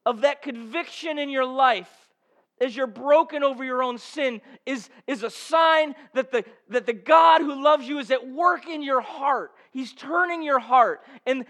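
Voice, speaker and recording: A man preaching with a very high-pitched voice and fervent delivery. He swings from ringing, emphatic calls to hushed, intimate storytelling. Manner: impassioned, building to shouts then dropping to hushed storytelling. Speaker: pastor. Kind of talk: sermon.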